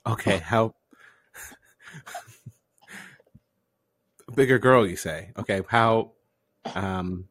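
A man's voice: fairly low pitch, extremely slow, pauses often, a bit bright, husky, dry recording. A man co-hosting a comedy podcast, playing the straight-faced interviewer with stammering questions.

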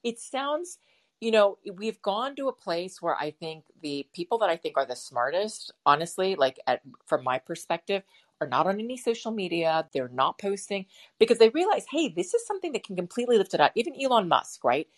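A woman's voice: on the low side, very animated, normal speed. A woman co-hosting a podcast, chatting casually and rambling as she thinks aloud, with many fillers. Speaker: podcast co-host. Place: home setup with a bird in the background.

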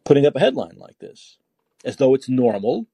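A man's voice: mid-range voice, big pitch swings, normal speed, creaky, warm tone, breathy edge, no room sound. A man hosting a call-in podcast, ranting with indignation and firing off rhetorical questions, often repeating words as he heats up. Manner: repeats words when heated. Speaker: podcast host taking calls.

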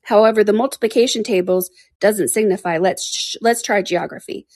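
A woman's voice: medium pitch, brisk, darkish tone, no room sound, clean studio sound, lightly acted. A woman voicing Alice, a curious and flustered little girl who chatters to herself in a storybook reading.

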